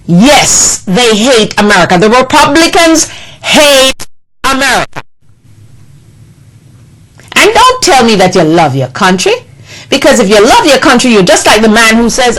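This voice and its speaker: A woman's voice: fairly high pitch, very animated, a little slow, long pauses, fairly bright tone, slight background noise, poor audio. A woman delivering an impassioned political monologue, indignant and scolding, with emphatic repetition. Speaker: political commentator.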